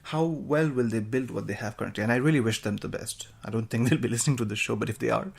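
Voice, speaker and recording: Talking fast with hardly any pauses, a solo podcast host rambles casually and pokes fun at himself. His medium-pitched voice is creaky and husky.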